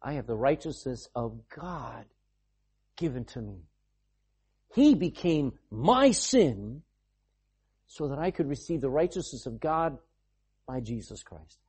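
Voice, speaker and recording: A man delivers a sermon in an animated, conversational way, throwing asides to the congregation. His voice sits on the high side with a breathy edge.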